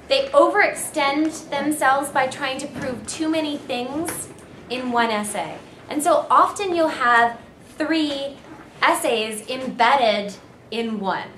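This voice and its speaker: A woman university English lecturer giving a clear, emphatic seminar talk on essay writing. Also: sits high, a bit bright. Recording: echoey room, faint noise.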